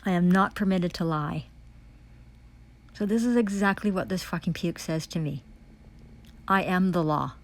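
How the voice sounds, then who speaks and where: A woman's voice: fairly low pitch, moderate pace, long pauses. A woman giving an angry testimony, ranting in furious, profane accusations, repeating herself and restarting phrases. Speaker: self-described foreign diplomat giving testimony.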